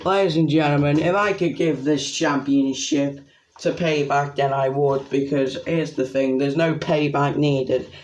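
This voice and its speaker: A young man giving a rambling, excitable spoken review of a wrestling event. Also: a little high, unhurried, dull audio.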